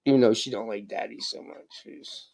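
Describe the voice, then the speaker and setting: A man's voice: on the low side, fairly even intonation, a little fast, gravelly, a little mellow. A man chatting casually on a live stream, rambling and swearing while stoned. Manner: rambling, swearing, laid-back. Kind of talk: casual chat.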